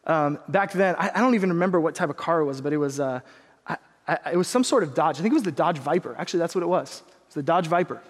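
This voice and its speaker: A young man preaching a sermon, telling a personal story in an earnest, animated way, with quick asides to the congregation. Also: a little high, big-room sound. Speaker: pastor.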